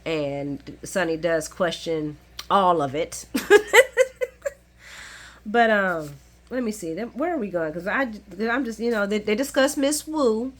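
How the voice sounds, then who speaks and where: A woman giving a chatty, casual recap of soap episodes, laughing often and swinging from low muttered asides to high excited exclamations. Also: measured pace. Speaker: soap opera recap vlogger.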